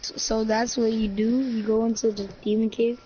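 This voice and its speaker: A woman's voice: on the high side, flat delivery, moderate pace, mellow, breathy edge. A woman improvising a roleplay, asking short, flustered questions, in a lo-fi recording. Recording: dull lo-fi recording.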